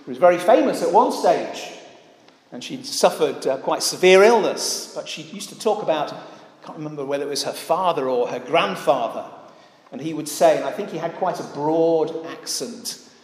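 A man's voice: fairly high pitch, lively intonation, normal speed. A man preaching a sermon in a church, earnest and often putting rhetorical questions to the congregation. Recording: echoey church hall.

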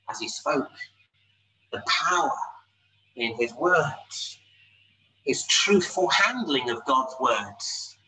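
A man preaching a sermon in a conversational way, asking rhetorical questions with lively emphasis. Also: mid-range voice. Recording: distant mic with faint background noise.

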